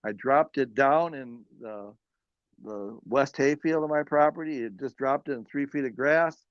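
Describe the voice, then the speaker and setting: A man's voice: mid-range voice, a little slow, dry recording, dull audio. A man from northern Illinois, a farmer and guest, telling a story in a rambling, self-correcting way. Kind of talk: casual storytelling.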